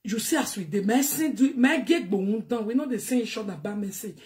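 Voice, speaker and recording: A Nigerian-accented woman rants straight at her viewers in a fairly high voice. She scolds, repeats her points and drops in Yoruba phrases as she talks. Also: brisk, darkish tone. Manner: ranting, scolding, repetitive, mixes in Yoruba phrases. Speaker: online commentator. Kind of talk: heated monologue to viewers.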